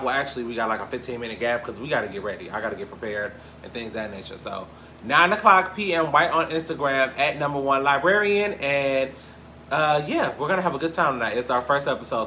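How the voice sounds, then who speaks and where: A young man from Cleveland hosting a casual gossip show, talking in a lively, profane way with big swings between loud and quiet. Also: medium pitch, brisk, slight background noise. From Cleveland, Ohio. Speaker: podcast host. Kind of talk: casual celebrity gossip chat.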